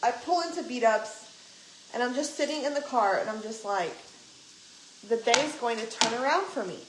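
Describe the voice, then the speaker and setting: A woman's voice: fairly high pitch, animated, normal speed. A young adult woman vlogger telling a story in casual chat, ranting and swearing freely as she retells what people said. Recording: echoey room, faint background noise.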